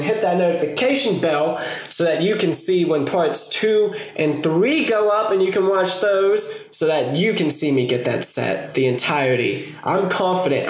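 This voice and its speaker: A young man giving casual, joking commentary while opening card packs, swearing often. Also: fairly high pitch. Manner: excitable, swears a lot, jokey asides. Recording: echoey room with faint noise.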